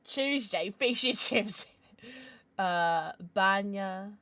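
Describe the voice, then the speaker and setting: A woman streams a game and talks loosely with her viewers, rambling from one thought to the next and laughing along. She sounds tired. Her voice sits at an ordinary middle pitch for a woman. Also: lively intonation, extremely slow, pushed and bright, dry recording. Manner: chatty and rambling, reading out viewers' names, laughing often. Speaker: livestreamer. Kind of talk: casual chat with viewers while gaming.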